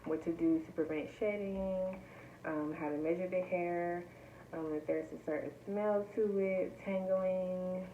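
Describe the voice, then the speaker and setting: Excitable young woman vlogging, slightly muffled. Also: lowish voice, a little slow, a little hiss or hum. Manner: excitable, chatty, talks straight to viewers. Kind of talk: casual unboxing chat to camera.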